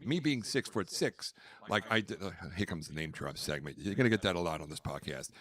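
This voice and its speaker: A podcast host with a low, expressive voice speaks briskly with a slightly bright quality. In casual chat he tells wandering stories, drops names and acts out quotes.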